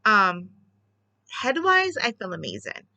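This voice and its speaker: A woman chatting casually at home about her newest craft supplies, gushing excitedly and rambling with restarts. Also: mid-range voice, slow, vocal fry, no room sound, low-quality recording. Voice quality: bubbly, chatty. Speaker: craft vlogger. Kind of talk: casual chat.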